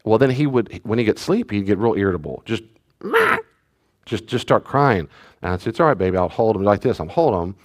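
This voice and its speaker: This is a man with a fairly low voice, a pastor leading a church study class. He talks in a loose, conversational way and drops in joking asides to the people in the room. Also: expressive, a little fast.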